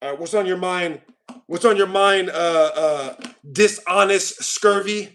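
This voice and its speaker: High, bright-voiced teasing male streamer. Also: measured pace. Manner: teasing, mock-furious, repeats lines with "bro". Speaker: livestream host. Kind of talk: casual livestream chat with callers.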